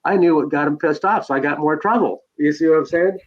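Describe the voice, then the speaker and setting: A man's voice: on the high side, fast. Rambling man telling his life story. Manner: rambling storyteller, many fillers and restarts. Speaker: podcast guest. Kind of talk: personal life story told in conversation. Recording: dull lo-fi sound.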